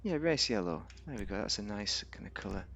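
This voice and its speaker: A game reviewer rambles casually through commentary on a game, thinking aloud with fillers and restarts. His voice is lowish and fairly bright, with lively intonation and a slightly fast pace. There's slight background noise.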